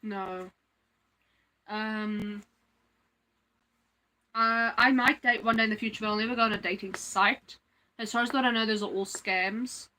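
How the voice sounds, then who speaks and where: A woman's voice: mid-range voice, steady tone, a little slow, long pauses, bright, forceful tone, poor audio. A woman hosting a casual livestream, chatting in a rambling way full of fillers. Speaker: livestream host.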